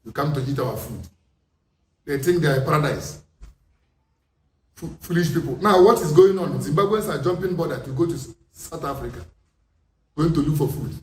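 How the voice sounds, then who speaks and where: A man with a Nigerian accent delivering an impassioned political monologue, forceful and full of rhetorical questions. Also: a little high, fairly quick, long pauses. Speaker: commentator. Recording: echoey room, distant mic, faint noise.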